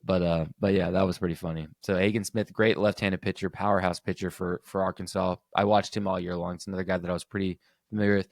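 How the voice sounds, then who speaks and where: A man's voice: low voice, level tone, fast talker, vocal fry, no echo, clean studio sound. A young man hosting a casual solo sports podcast, rambling loosely with lots of fillers and restarts. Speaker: podcast host.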